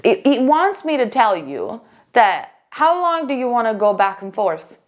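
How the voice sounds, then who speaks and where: A woman's voice: on the high side, very animated, unhurried. A woman giving a casual pick-a-card tarot reading as a psychic, chatty and emphatic, with fillers and restarts.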